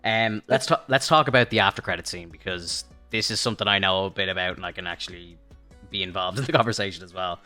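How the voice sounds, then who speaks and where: A man's voice: sits low, quick pace, sharp tone, soft background music. A man co-hosting a podcast, exasperated in casual chat and calling others bro. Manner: exasperated, says bro and dude. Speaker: podcast co-host.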